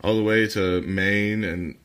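A man co-hosting a loose podcast, his voice sitting a little low but bright and forceful. He talks in a relaxed, profane way and cracks up when he trips over words while reading. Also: a little slow, clear, resonant tone. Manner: laid-back, swears a lot, laughs while stumbling over reading. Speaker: podcast co-host. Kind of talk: casual chat.

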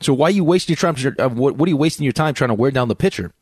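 A man co-hosts sports talk radio, rattling off his points quickly with lively pitch and many restarts. The sound is close and dry. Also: husky, no echo. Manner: rapid, restarts and stumbles, teasing.

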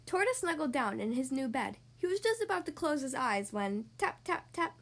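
A woman hosting a children's podcast, reading a storybook aloud in a friendly, expressive manner. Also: sits high, moderate pace, hardly any pauses. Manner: friendly, expressive, sing-song.

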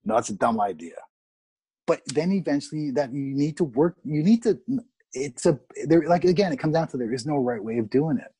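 A middle-aged man from Canada, an actor, telling candid, animated stories about film sets in a casual interview and swearing freely. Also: fairly high pitch, a little fast, husky, no room sound. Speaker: actor guest.

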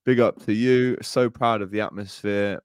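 A man's voice: on the low side, steady tone, normal speed, darkish tone, clean tone, dry recording, studio quality. A man co-hosting a podcast in casual chat, enthusiastic and heartfelt, often calling his co-host "mate" and "bro". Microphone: podcast microphone.

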